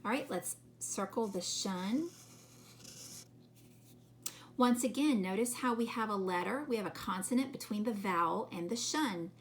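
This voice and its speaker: A woman teaching a phonics lesson to children, sounding out words slowly and patiently. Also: mid-range voice.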